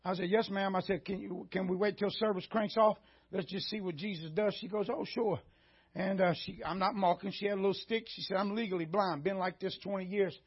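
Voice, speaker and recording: A high, husky male voice with a drawl, preaching with fire and climbing to shouts at the high points. The recording is dull and lo-fi, like old church sermon audio. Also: fairly quick. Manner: animated preaching, shouting at peaks.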